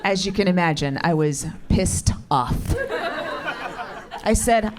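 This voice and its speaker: A woman's voice: on the low side, takes it slowly, long pauses. A middle-aged woman comedian performing a stand-up set with crowd work on a club stage, talking in a dry, profane, teasing way. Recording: live club set with audience laughter. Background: audience laughing.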